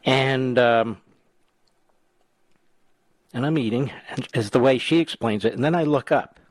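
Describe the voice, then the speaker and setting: A man's voice: medium pitch, a little slow, no room sound. A man hosting a talk radio show, chatting with callers and telling stories in a teasing way. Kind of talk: talk radio chat and monologue. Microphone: studio mic.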